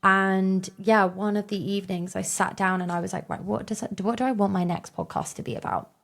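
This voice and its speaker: Woman in her 30s, solo podcast host, casual and upbeat, creaky texture, recorded outdoors. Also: medium pitch, fairly even intonation, a little fast. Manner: chatty and upbeat, lots of fillers. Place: outdoors on a hot, windy day.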